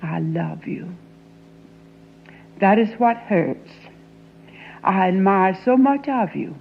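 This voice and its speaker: A woman performing a dramatic monologue as an anguished young Southern woman confronting her father, intense and often sinking into a hushed whisper. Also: mid-range voice, lively intonation, slow, narrow, tinny audio, a little hiss or hum. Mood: anguished pleading.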